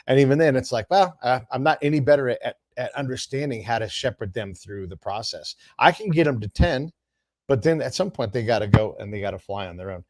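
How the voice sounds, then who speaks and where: A man hosting a podcast, eager and quick with asides, his voice sitting in a middle register. The sound is dry and close-miked. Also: medium pitch, no room sound. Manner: energetic, talks in rapid asides with restarts. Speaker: podcast host. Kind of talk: casual conversation.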